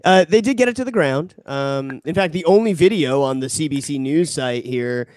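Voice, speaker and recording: A young man co-hosting a podcast, rambling through jokes and wild theories with a lot of casual swearing. His voice sits a bit high for a man. The sound is close and dry. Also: expressive, moderate pace, a little mellow, dry recording. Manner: joking, swearing, puts on mock Canadian voice. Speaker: podcast co-host.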